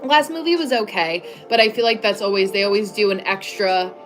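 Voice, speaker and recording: Soft background music accompanies a woman's fairly quick, mid-range voice. She's an American hosting a casual stream from her home desk, chatting loosely, saying "like" a lot, and laughing often.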